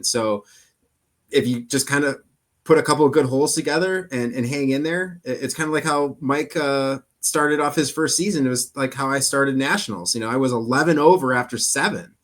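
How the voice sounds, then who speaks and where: A man's voice: medium pitch, brisk, fairly bright tone. A man who directs an amateur golf tour, talking earnestly in a loose, rambling way with many fillers. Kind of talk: casual chat.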